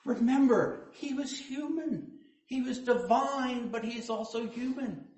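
Slow-preaching male pastor in echoey church. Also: very high voice. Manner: storytelling preacher, quoting others in hushed voices, rising to loud emphasis. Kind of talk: sermon. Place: church sanctuary.

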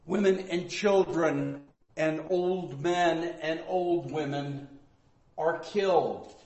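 A male pastor teaching from the Bible in a sermon, swinging between loud emphatic bursts and quiet asides. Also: a little high, slow. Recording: echoey room.

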